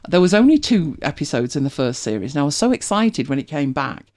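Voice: mid-range voice, big pitch swings, a little fast, a little mellow. A host with a British accent, chatting casually and rambling with many restarts. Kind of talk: casual chat.

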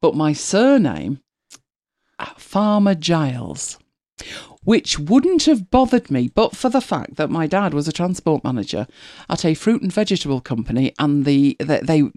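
Co-host, middle-aged woman; animated, laughs easily, very expressive pitch. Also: a little slow, no echo, clean studio sound. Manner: chatty, laughs often, animated storytelling. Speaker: podcast co-host. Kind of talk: casual chat.

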